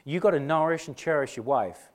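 A middle-aged British pastor preaches in church with earnest animation, frequently restarting phrases and acting out quotes. His pitch is fairly high and his delivery a little quick.

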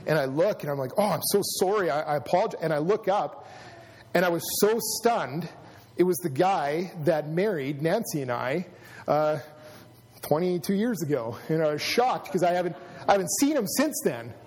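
A man's voice: fairly high pitch, expressive, moderate pace, a little mellow. A middle-aged man preaching a sermon, telling a personal story and building to emphatic preaching. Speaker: pastor. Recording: long hall reverb.

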